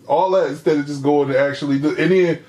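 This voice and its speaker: A man's voice: on the high side, fairly even intonation, moderate pace, dark tone. A man in casual podcast chat, telling a story in a wry, amused way. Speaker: podcast co-host. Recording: echoey room.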